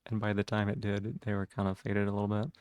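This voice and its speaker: A man's voice: fairly low pitch, monotone, quick pace, darkish tone, clear, resonant tone, dry recording, clean studio sound. A man chatting casually on a live stream, rambling with lots of fillers and restarts.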